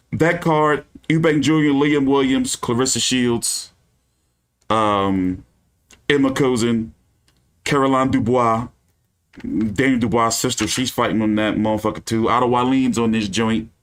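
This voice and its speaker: A man's voice: medium pitch, fairly bright tone. A man hosting a casual boxing news live stream, with a loose, profane, ranting delivery full of fillers.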